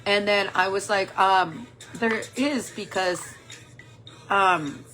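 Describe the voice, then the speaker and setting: A woman's voice: mid-range voice, takes it slowly, pushed and bright, faint music behind. A woman in her forties telling a personal story in a candid, rambling way, full of "like" and "um". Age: 40s. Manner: rambling, candid, heavy use of "like" and "um". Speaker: makeup vlogger.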